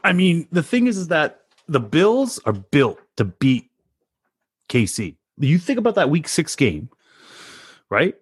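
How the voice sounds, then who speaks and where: A man co-hosting a casual sports chat, animated and incredulous, teasing the others and laughing often. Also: fairly high pitch, a little slow, slightly rough, no room sound, clean studio sound.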